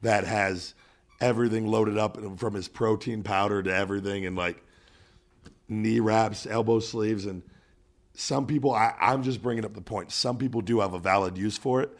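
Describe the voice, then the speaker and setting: A man's voice: on the low side, moderate pace. Profane man telling gym stories. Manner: profane, animated storytelling. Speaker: podcast host. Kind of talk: casual podcast chat.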